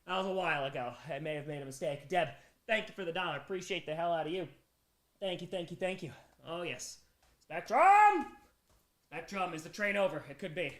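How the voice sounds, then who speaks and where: The voice is a man's, high, bright and forceful, heard in a reverberant space. He is a streamer worn down after a whole day awake, chatting on a charity stream and thanking donors individually, alternating bursts of hype with exhausted mumbles.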